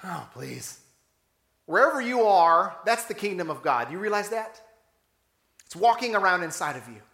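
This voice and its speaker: A man with a high, bright voice preaches a sermon, telling the story with animation and firing off rhetorical questions. His voice carries a roomy echo, as if it were filling a church sanctuary. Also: lively intonation, normal speed. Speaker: pastor.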